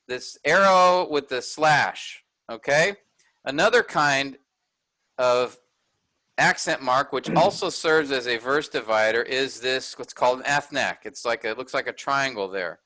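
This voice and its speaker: In a low-quality recording, a man with a medium-pitched, sharp-toned voice teaches an online workshop, walking through a text step by step and checking in with those listening.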